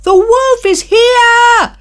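Storybook figure: woman reading as a shrill, mischievous shepherd boy with a high, shouting voice. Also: animated, drawn-out words, heavily acted. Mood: panicked. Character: mischievous young shepherd boy, loud prankster.

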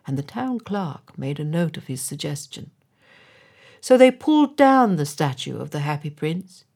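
Low husky storybook narrator, woman. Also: normal speed. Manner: expressive, drops to whispers. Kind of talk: storybook read-aloud.

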